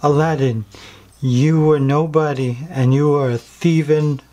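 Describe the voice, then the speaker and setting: A man voicing a blunt older royal father who speaks in a slow, declaring way. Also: a little high, steady tone, mellow, slight background noise, lightly acted. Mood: approving.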